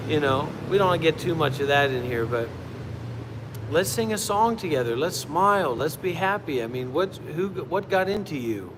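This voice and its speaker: A man with a fairly high voice gives a meditation teacher's livestream talk. His speech is casual and rambling, full of fillers and small restarts. A faint hum of background noise sits under the voice. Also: expressive, normal speed, big-room sound. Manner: chatty, rambling, with many fillers.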